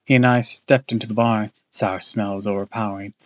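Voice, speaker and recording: A man's voice: on the low side, fairly even intonation, brisk, fairly bright tone, dull audio. A man casually reading a book aloud on a live stream, loose and off-hand, with crude asides.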